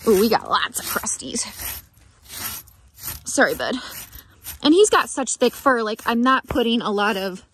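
A woman's voice: a little high, lively intonation, unhurried, long pauses, fairly bright tone. Brief: woman, horse vlogger, casual chatty narration recorded outdoors on a camera mic, light background noise. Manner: chatty, talks baby talk to her horse.

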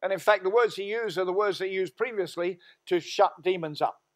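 A man's voice: sits high, a little fast. A middle-aged man with an Australian accent, a senior pastor preaching a sermon in church, telling stories in a folksy way and praying aloud. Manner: storytelling, folksy, prays aloud. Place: church sanctuary.

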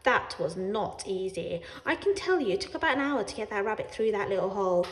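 Woman storyteller, wry cat voice, lively pitch, roomy echo. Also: brisk. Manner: wry, sardonic, expressive, laughs along. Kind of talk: children's read-aloud as a sarcastic cat narrator.

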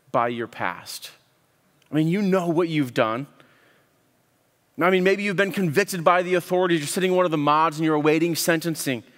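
A man's voice: on the high side, a bit bright. Earnest man preaching in a reverberant hall. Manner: earnest, with frequent word repeats and pauses. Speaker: pastor. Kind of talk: sermon.

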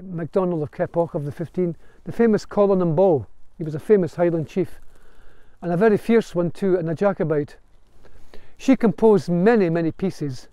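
A man's voice: sits high, mellow, no room sound. A man, speaking as a bard and storyteller in an earnest spoken lecture, with a storytelling cadence and a few restarts. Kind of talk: spoken lecture on Gaelic song and history.

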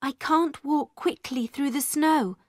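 Storybook girl: a woman voicing a brave, quiet servant girl, high and gentle. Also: slow, no room sound, studio quality. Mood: earnest. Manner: quiet and earnest.

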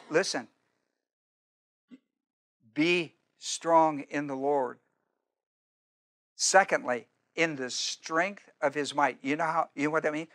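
A male pastor preaching a teaching sermon, emphatic and repetitive, slowing down to stress key commands and quizzing his listeners with questions. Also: on the high side, steady tone, a bit bright. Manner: emphatic, repeats phrases, slows down to stress commands.

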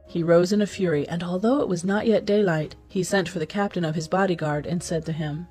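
A woman storyteller reads a fairy tale in a calm, even, scripted way. Her voice is lowish, mellow and a little breathy. Soft music plays faintly behind her. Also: fairly quick, hardly any pauses. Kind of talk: scripted narration.

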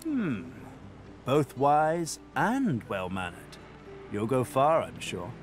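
An actor voicing a middle-aged, calculating gentleman in a video game, smooth and courtly with a faintly sardonic edge. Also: medium pitch, wildly swooping pitch, slow. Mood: suave. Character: suave, calculating male ship passenger. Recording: game audio with loud music behind. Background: game music.

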